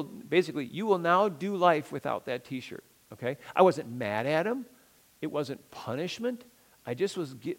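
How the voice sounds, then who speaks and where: Gravelly man preaching a conversational sermon. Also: medium pitch. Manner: conversational, storytelling, asks "okay?". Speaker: pastor. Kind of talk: sermon with personal story.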